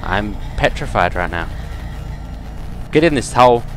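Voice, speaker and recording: A man's voice: fairly low pitch, animated, unhurried, fairly bright tone, soft background music. Jokey young gamer guy yelping. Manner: jokey, swearing, yelps when scared. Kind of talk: let's play commentary.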